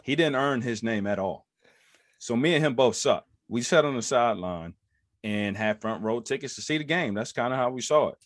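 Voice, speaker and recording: A former NFL running back in his thirties tells a story as a podcast guest in a medium-pitched voice at normal speed. A lively storyteller, he acts out other people's lines in raised voices during the interview. The recording is dry with clean studio sound.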